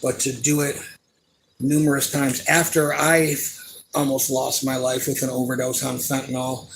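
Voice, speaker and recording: A man's voice: mid-range voice, flat delivery, normal speed, noisy background. A man in his forties venting in an emotional, rambling monologue, angry and profane, full of fillers. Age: 40s.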